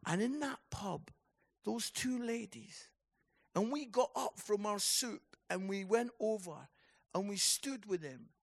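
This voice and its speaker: A man delivers a conference sermon with a gravelly, creaky edge to his voice. He speaks slowly and deliberately, letting stories unfold before rising into passionate exhortation. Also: high-pitched, expressive. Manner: storytelling, building to passionate exhortation. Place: conference hall.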